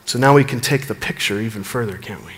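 A man preaching a sermon as pastor, earnest, building emphasis and dropping low at the ends of phrases. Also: fast talker, long reverb tail.

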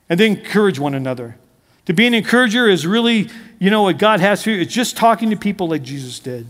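A man's voice: high voice, animated, fast, a bit bright, in a large hall. A middle-aged male pastor preaching a conversational sermon, asking his congregation questions and mixing in humor.

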